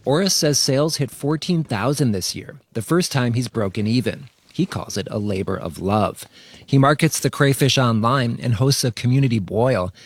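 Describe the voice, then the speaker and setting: A man reporting a news feature for radio in a measured, even narration. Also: mid-range voice, slightly rough.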